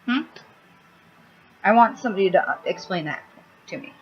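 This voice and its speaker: A woman's voice: medium pitch, lively intonation, normal speed. A woman rambling bluntly and crudely in a casual makeup vlog, recorded at home on a laptop mic. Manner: blunt, crude, cranky, swears freely. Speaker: makeup vlogger. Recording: slightly dull laptop audio with faint hiss.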